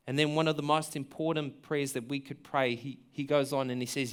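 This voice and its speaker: Man, pastor, sermon, earnest and conversational, smooth clear voice, slightly high. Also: steady tone, a little fast, few pauses, fairly bright tone. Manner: earnest, conversational preaching with questions to listeners; repeats words while thinking aloud.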